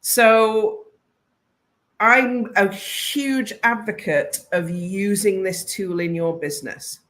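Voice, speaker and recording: A woman's voice: mid-range voice, takes it slowly, fairly bright tone. Chatty woman on a live stream. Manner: chatty and enthusiastic, self-interrupting. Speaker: business consultant. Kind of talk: casual live-stream talk.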